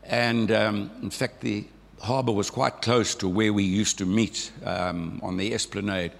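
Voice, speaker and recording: Older south african guy, gravelly, frog in his throat, telling church stories in a big echoey hall. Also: lowish voice, fairly even intonation, unhurried. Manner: folksy storytelling, acting out remembered voices. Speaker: church member giving testimony. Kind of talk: conversational testimony sermon. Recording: long hall reverb.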